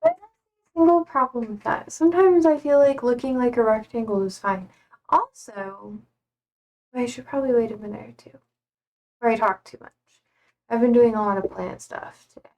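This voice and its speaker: A woman's voice: on the high side, normal speed, darkish tone. A young woman chatting casually on a live stream, rambling and emotional, often close to tears. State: tearful, trying not to cry. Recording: speaking from a distance to the mic.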